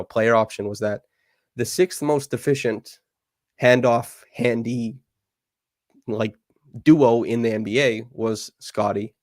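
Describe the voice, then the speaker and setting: A man's voice: lowish voice, no echo. A man hosting a live podcast, giving an eager, detailed basketball breakdown full of casual fillers. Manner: fast, enthusiastic breakdown with fillers. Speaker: podcast host. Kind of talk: casual basketball analysis chat.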